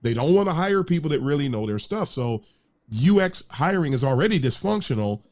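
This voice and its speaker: A man's voice: fairly high pitch, big pitch swings, a little fast, darkish tone. Brief: male panelist and UX practitioner, earnest and candid, casual delivery with small stumbles. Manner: earnest, frank, some stumbles. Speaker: UX practitioner, podcaster.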